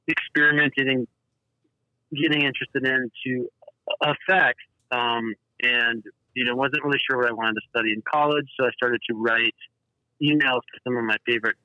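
A man's voice: mid-range voice, bright, forceful tone, no room sound. A man with a noticeable stutter talks casually about his work, circling back over words before finishing a thought. His voice comes through a muffled, slightly lo-fi call. The sound is dry, with no room around it. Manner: stutters, halting with repeated words. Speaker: guest, pedal designer. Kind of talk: casual interview. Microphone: remote call. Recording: dull dry call audio.

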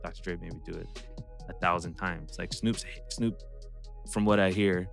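A man with a very deep voice chats casually about producing records. He laughs often and slips into quick impressions of the artists he works with. Faint music plays behind him. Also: steady tone, gravelly. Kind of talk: casual podcast chat.

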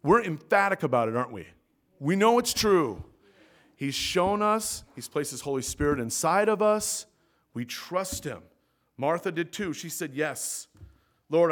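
A man preaching a sermon as pastor in a church, swinging between loud emphatic peaks and soft low asides. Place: church sanctuary.

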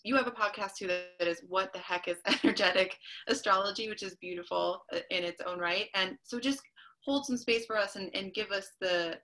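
A woman hosting a relaxed podcast conversation. Her voice is bright and clear, set at an ordinary pitch for a woman. She talks in loose, winding sentences full of "um" and "you know". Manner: warm-hearted rambling with many fillers. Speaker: podcast host. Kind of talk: casual interview chat.

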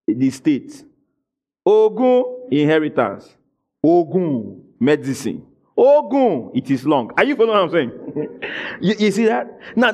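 A man preaching a sermon, asking his congregation questions and rising into shouted emphasis. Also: a little high. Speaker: pastor.

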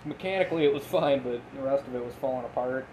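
A man's voice: medium pitch, fast, darkish tone, a little hiss or hum, low-quality recording. A man in his twenties from Minnesota hosting a casual podcast chat, laid-back, swearing freely and laughing as he tells stories. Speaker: podcast host.

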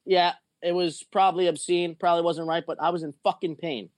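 A man's voice: fairly high pitch, fairly even intonation, fast, darkish tone, dry recording. A man telling a rambling, profane story in a casual podcast chat. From not from Jersey or Pennsylvania.

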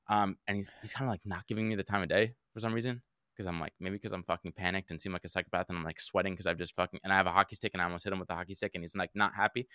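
A young man co-hosting a podcast, telling a story in casual chat, animated and swearing often as he acts out what people said. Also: fairly low pitch, rapid-fire, clean tone, no room sound, studio quality. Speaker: podcast co-host.

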